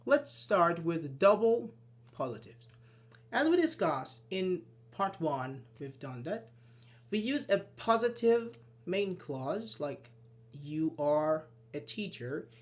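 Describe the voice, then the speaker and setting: Step by step, a man explains English grammar in an online lesson, working as a teacher. He acts out quick sample exchanges with plenty of "for example"s, and his animated voice moves up or down in pitch for each illustrative sentence.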